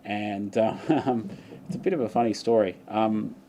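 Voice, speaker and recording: A young man with an Australian accent tells a long, wandering story to his livestream viewers, laughing often as he goes. His voice is dark and mellow. A faint hiss sits under the recording. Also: fairly low pitch, normal speed. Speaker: vlogger. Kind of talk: casual livestream chat.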